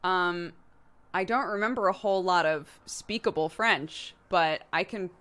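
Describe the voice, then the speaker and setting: Woman, game streamer, casual chat, playful, rambling, slightly low pitch. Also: measured pace, a bit bright. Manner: playful, rambling, laughs often.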